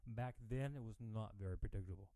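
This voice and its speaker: A man's voice: on the low side, fast, warm tone, clean tone, no room sound, low-quality recording. A man hosting a wrestling podcast, asking questions with many ums and restarts. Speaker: podcast host.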